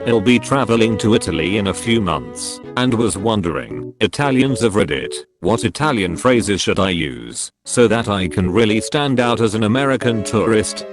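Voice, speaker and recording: A man's voice: fairly low pitch, lively intonation, normal speed, hardly any pauses. Synthetic male voice reading forum posts. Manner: evenly paced, synthetic reading of short posts one after another. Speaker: text-to-speech narrator. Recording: clear music bed behind the voice. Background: background music.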